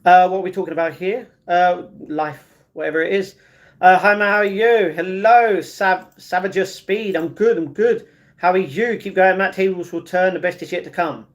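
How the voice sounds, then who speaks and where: A man hosting a casual livestream, reading viewer comments aloud and answering them in an easygoing way, often stumbling and restarting his sentences. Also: high voice. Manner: chatty and easygoing, with halting restarts. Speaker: livestream host.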